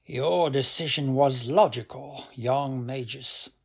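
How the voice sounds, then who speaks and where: A man voicing a sneering, evil undead old male archmage in an audiobook reading, with a gravelly, husky voice and a coldly dismissive manner. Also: mid-range voice, slow, full character voice.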